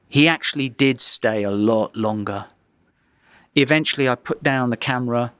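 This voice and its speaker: A man's voice: medium pitch, normal speed, fairly bright tone, clean tone. A man, a photographer, telling a vivid anecdote in an interview, often restarting his sentences as he goes. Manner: vivid, dramatic storytelling with frequent restarts.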